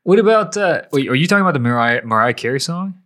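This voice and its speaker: A man with a bright, forceful voice co-hosts a casual podcast. He jokes around and teases his co-host in easy, relaxed chat. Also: a little high, fast talker. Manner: playful, jokey, teasing.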